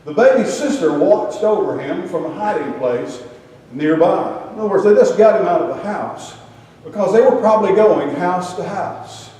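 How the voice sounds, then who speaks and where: An older man preaches in a folksy, joking storytelling way, his voice a bit high but dark and mellow. He sounds distant from the mic, with a long, booming echo of a big hall around him. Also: expressive, moderate pace. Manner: storytelling with humorous asides. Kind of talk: folksy sermon with slides.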